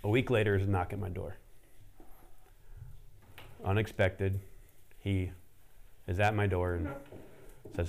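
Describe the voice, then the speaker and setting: A man preaching, telling a story in a casual, animated way with lots of fillers. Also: deep voice, moderate pace, gravelly, long pauses. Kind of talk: sermon storytelling.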